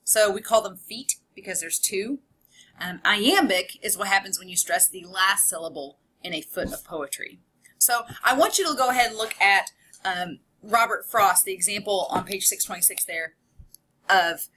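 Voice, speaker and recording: A woman's voice: mid-range voice, normal speed, sharp tone. A woman college English instructor giving a recorded online lecture in a conversational way, explaining with examples and asides.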